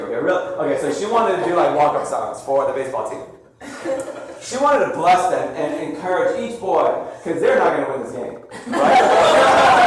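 Pastor preaching in an echoey hall. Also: male voice, high voice, a little hiss or hum. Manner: casual storytelling with slang and restarts. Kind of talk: sermon. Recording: roomy echo heard from a distance.

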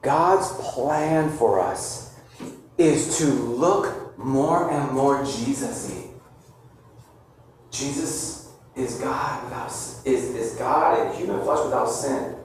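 Pastor preaching in an echoey hall. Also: male voice, medium pitch, slow, slight background noise. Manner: casual storytelling with slang and restarts. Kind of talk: sermon. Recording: roomy echo heard from a distance.

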